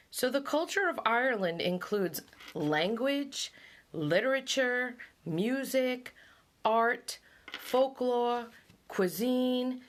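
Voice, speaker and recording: A woman's voice: medium pitch, a bit bright. A middle-aged woman hosting a casual vlog, reading out facts and musing aloud about them. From born and raised on an island. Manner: muses aloud, reads facts then reacts with laughs. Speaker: vlog host.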